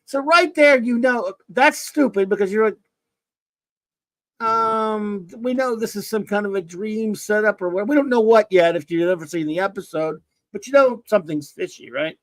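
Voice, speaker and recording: Rambling high-voiced male podcast host. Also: moderate pace, a bit bright, no room sound, low-quality recording. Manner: rambling, jokey, trips over his own words. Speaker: podcast host reviewing TV episodes. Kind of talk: casual podcast chat.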